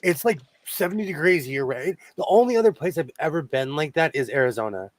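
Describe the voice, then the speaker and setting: A man from California hosting a casual group chat, talking fast and animatedly. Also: fairly high pitch, expressive. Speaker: host.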